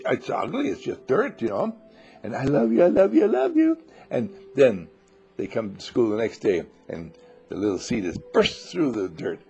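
A man's voice: on the low side, a little mellow. A man leading a spiritual talk to a small group, playfully telling stories and acting out little voices. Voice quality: husky, gravelly. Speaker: spiritual teacher.

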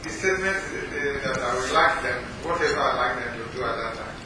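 A man in the audience giving quiet, hesitant answers to a teacher. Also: medium pitch, expressive, a little fast. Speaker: audience member. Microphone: picked up from across the room. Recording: distant, roomy, noisy room audio.

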